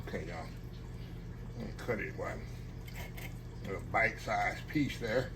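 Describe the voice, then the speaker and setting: A man's voice: fairly low pitch, unhurried, creaky, background noise. A man hosting a cooking vlog from his home kitchen, folksy and chatty, savoring each bite aloud. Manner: folksy, says y'all often, savoring aloud. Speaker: cooking channel host. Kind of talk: casual eating vlog. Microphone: camera on a tripod.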